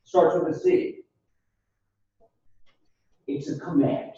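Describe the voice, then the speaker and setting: A man lecturing a philosophy class, deliberate and explanatory, calling the students folks and quizzing them as he goes. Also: sits high, sing-song, a little mellow. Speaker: philosophy instructor. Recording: echoey classroom recorded from far off, dull lo-fi sound.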